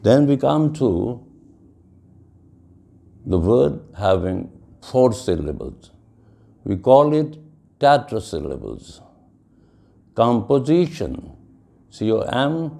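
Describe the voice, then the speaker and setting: A man teaching a lecture on pronunciation, speaking slowly and deliberately and spelling words out letter by letter. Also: medium pitch, gravelly, dark tone. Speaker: English teacher. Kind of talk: classroom lecture.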